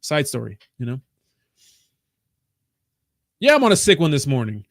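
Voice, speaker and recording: A man's voice: mid-range voice, wildly swooping pitch, normal speed, creaky, dry recording. A man hosting a crypto livestream from a small home studio, rambling and ranting with constant swearing. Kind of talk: casual livestream rant.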